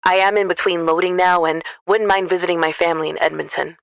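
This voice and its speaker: A woman voicing a smooth-voiced trucking man. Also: lowish voice, fairly even intonation, fast, dry recording. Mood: polite. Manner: courteous and businesslike. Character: polite smooth-voiced male trucking dispatcher.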